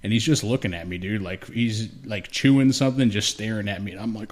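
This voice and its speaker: A man's voice: lowish voice, brisk, hardly any pauses, a little mellow. A young man co-hosting a podcast, telling rambling stories in casual, heavily profane chat. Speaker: podcast co-host.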